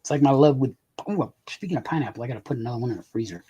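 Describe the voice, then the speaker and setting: A man's voice: medium pitch, animated, rapid-fire, dark tone, breathy edge, dull audio. A man chatting casually on a live stream, rambling, repeating words and swearing offhandedly. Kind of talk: casual chat.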